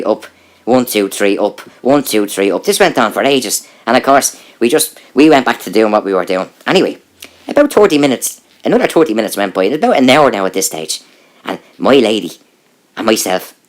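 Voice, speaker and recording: A man telling a comic story in a conversational, animated way, building up to the punchline. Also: lowish voice. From Ireland. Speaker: joke teller.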